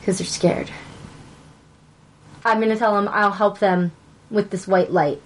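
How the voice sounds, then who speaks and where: A woman's voice: medium pitch, steady tone, measured pace. A woman playing a tabletop game, joking around and asking lots of questions. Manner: playful, jokey, asks lots of questions. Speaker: player.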